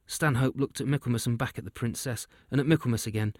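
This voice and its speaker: A man reading a children's fantasy story aloud, his voice sitting at an ordinary middle pitch. The delivery is steady and even, recorded close in a dry room with no echo. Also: fast talker. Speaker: narrator.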